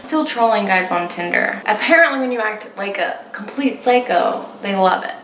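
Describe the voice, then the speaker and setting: A woman's voice: medium pitch, lively intonation, a bit bright. Playful woman vlogger in a roomy space. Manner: playful, sarcastic, quick to laugh. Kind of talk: casual vlog, reading stories aloud. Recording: roomy echo with music behind.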